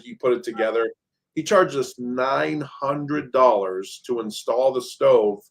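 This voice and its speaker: A man at ordinary pitch for his age group, casually recounting a property problem. He rambles with fillers and acts out the back-and-forth with repairmen. The talk feels like a relaxed podcast conversation. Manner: storytelling, acts out quoted exchanges, many fillers. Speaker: short-term rental property manager.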